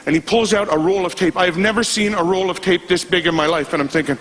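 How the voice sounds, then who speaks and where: A man doing stand-up, telling a story in an animated way and acting out voices and sound effects. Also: high voice, quick pace, hardly any pauses, background noise. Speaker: stand-up comedian.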